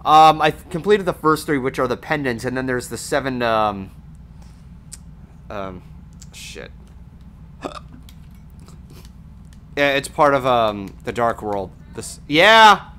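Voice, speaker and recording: A man streaming a video game, his pitch jumping around as he reacts, unhurried between loud curses. He chats casually with friends while he plays. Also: expressive, a little hiss or hum. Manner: swears loudly at the game, frequent outbursts. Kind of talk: casual gameplay chat.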